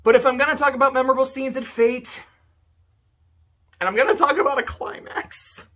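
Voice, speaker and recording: A man's voice: very high voice, fairly quick. A man talking casually about a visual novel he played, swearing a lot and breaking into laughter as he retells scenes. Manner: profane, laughing, animated storytelling. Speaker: video essay host reviewing a visual novel. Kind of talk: casual spoken review.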